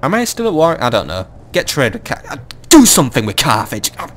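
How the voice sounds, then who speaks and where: A man's voice: medium pitch, wildly swooping pitch, brisk, fairly bright tone, a little hiss or hum. A young man giving casual, swearing commentary while playing a strategy game at home, exasperated and ranting, with faint game sounds behind him. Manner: swearing, exasperated, ranting, with bursts of mock outrage. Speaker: gaming let's-play host. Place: at home, keeping his voice down.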